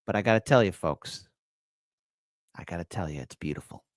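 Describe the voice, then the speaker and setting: A middle-aged man hosting a casual livestream, joking and giving shout-outs to viewers. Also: low-pitched, animated, fairly quick, heavy background noise. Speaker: livestream host.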